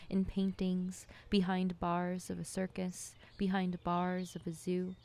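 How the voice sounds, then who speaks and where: Hushed, mellow woman narrating poetry. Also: lowish voice, a little hiss or hum. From United States. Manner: slow, measured, hushed, with occasional whispers. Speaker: filmmaker narrating her own work. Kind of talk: poetic scripted narration.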